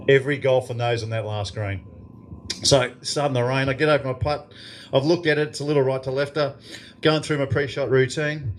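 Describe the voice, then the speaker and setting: A man's voice: mid-range voice, normal speed, slight background noise. An Australian man in his fifties telling a profane story as an after-dinner guest speaker in a club function room. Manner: profane, lively anecdote telling to a crowd.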